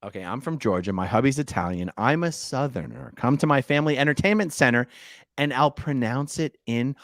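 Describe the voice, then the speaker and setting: A middle-aged man co-hosting a casual live stream, chatty and animated, reading viewer comments aloud. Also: medium pitch, moderate pace, no echo, clean studio sound.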